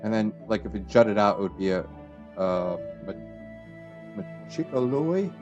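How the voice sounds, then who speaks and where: A man's voice: measured pace, lo-fi sound, soft background music. Rambling male let's-play commentator. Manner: rambling, chatty, trails off and restarts; excited bursts of high pitch at discoveries. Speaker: gaming channel host.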